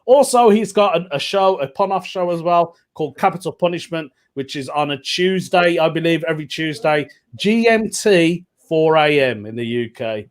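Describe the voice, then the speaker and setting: A man's voice: a little high, animated, normal speed, hardly any pauses. A man hosting an online comedy show, chatty and jokey, laughing often. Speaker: host.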